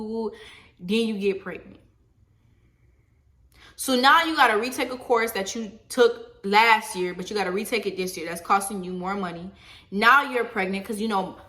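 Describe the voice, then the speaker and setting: A young woman, casually lecturing on faith and choices in an animated, slangy way, often asking "you feel me?". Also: medium pitch. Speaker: faith vlogger. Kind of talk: casual preachy monologue.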